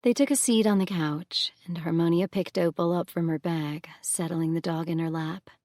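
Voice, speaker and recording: A woman narrating an audiobook in a calm, measured way. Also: lowish voice, dry recording, clean studio sound. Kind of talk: scripted narration.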